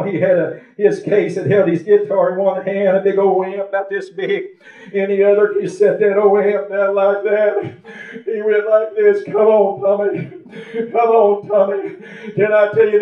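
A man's voice: high voice, reverberant, recorded from a distance, narrow, tinny audio. An older man, preaching an emotional testimony, fervent, at times tearful and laughing. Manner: fervent, sobbing and laughing through words.

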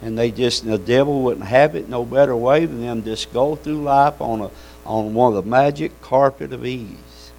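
Man preaching, gravelly voice, folksy fervor, faint hum behind. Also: mid-range voice, moderate pace, darkish tone, low-quality recording. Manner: folksy, fervent, calls out amens. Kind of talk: sermon.

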